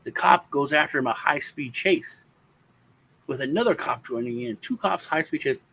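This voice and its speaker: This co-host, a man with a slightly high, gravelly voice at normal speed, casually tells a long personal story, swearing now and then. He's animated, acting out the voices of the people involved. A faint hiss or hum sits under the recording.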